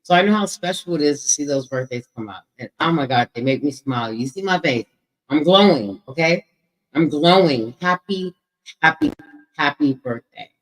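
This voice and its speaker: A middle-aged woman hosting a casual livestream, loudly greeting viewers by name and swearing freely, speaking. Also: low voice, expressive, brisk, poor audio. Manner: loud, playful, shouts out chat names, swears freely. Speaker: livestream host. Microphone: microphone with echo.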